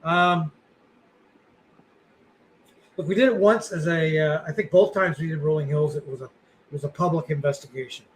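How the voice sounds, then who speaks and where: A man's voice: a little high, moderate pace, long pauses, a little hiss or hum, rough recording. A man co-hosting a podcast, chatting casually in a rambling, blunt way with lots of fillers and the odd curse. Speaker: podcast co-host.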